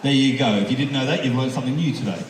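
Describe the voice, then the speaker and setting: A man's voice: medium pitch, racing, slight background noise. An Australian man co-hosting a live podcast show on stage, joking and working the crowd. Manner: joking, playful, lively crowd work. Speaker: podcast co-host, emcee. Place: open-air amphitheater at a live event. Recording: echoey open-air venue, mic from far off.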